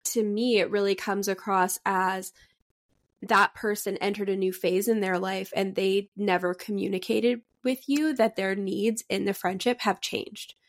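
Podcast co-host woman, mid pitch, lots of vocal fry, reflective and supportive. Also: fairly even intonation, measured pace. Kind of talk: casual chat.

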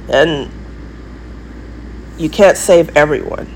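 Talking to her audience in a meandering monologue, an English-accented woman vlogger uses a low-pitched voice, with a slight hiss or hum on the recording. She presses her points insistently and emphatically, repeating things for stress.

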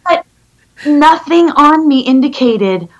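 A middle-aged woman, a guest in a conversation, telling stories in an animated, rambling way with many restarts. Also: high-pitched, takes it slowly, dull audio. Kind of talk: conversational storytelling.

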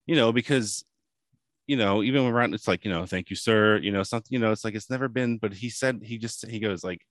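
A man in his late thirties tells a halting, profane story in casual chat on a podcast. His voice sits a little low. The sound is dry and close. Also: no echo. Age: late 30s.

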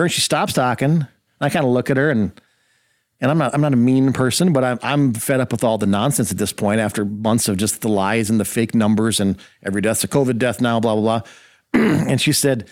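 A man chatting quickly and loosely on a talk show, jumping into the voices of the people in his story. His voice sits at an ordinary middle pitch. The recording is dry and close. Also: no room sound. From rural Minnesota. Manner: animated storyteller acting out quotes. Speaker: guest host. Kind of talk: casual storytelling chat.

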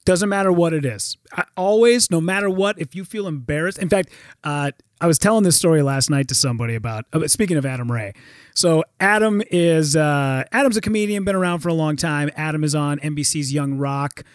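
A man with a high voice who spins his stories with energy and acts out every quote. He swears freely and the sound is dry and close. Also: a little fast, no echo. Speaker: guest. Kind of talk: casual podcast chat.

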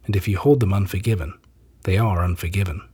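A calm and gentle Jesus, as a male reader voices him in a scripture reading. The voice is very husky and breathy, pitched on the low side. The delivery stays measured and solemn.

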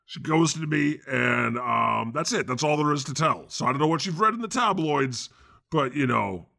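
A man playing God as a laid-back, slangy deity with a deadpan delivery in an improvised comedy interview. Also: fairly high pitch, normal speed, gravelly, heavily acted. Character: God, a casual jaded male deity.

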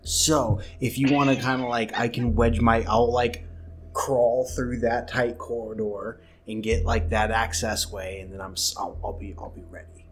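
A man's voice: mid-range voice, normal speed, slight background noise. A man playing a tabletop game, talking casually and thinking aloud as he plans. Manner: relaxed, trails off, thinks aloud. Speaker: player.

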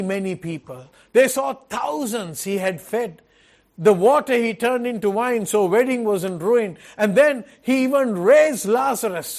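This pastor's fairly high, darkish voice carries a sincere sermon at a slow, measured pace. He circles back over his points, leaning on rhetorical questions and phrases he repeats.

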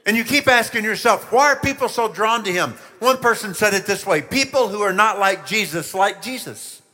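Pastor, male, high and bright voice, animated storyteller addressing children, church reverb. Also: normal speed. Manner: animated storytelling, asks listeners questions. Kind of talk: children's sermon.

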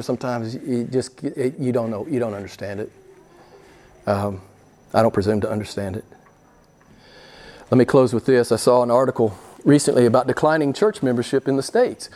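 A middle-aged male preacher delivering a sermon with passion, his voice jumping from hushed asides to sudden high, emphatic rises. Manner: impassioned, swings from quiet to loud with sudden rises.

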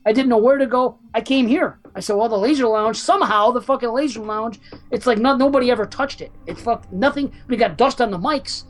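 A man's voice: extremely high pitch, fairly quick. A man co-hosting a horror movie podcast, rambling in a frantic, profane way. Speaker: podcast co-host. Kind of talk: casual horror podcast banter.

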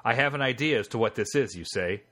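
A man's voice: mid-range voice, lively intonation, quick pace, a bit bright. A man hosting a podcast, reading out text-adventure game narration and chatting with jokes between passages. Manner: reads game text aloud, then chats and jokes.

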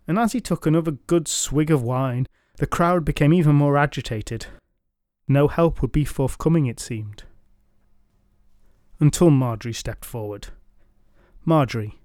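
A man's voice: on the high side, unhurried, darkish tone, soft background music. A man narrating a folk tale in a wry, dryly humorous scripted style. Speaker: storyteller.

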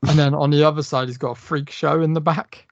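A gravelly man in casual podcast chat, loose and profane as he walks through a movie scene. The sound is dry and close, a little dull in the top end. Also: fairly high pitch, a little fast, no echo. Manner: animated, swearing, retelling film scenes with quoted lines. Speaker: podcast co-host.

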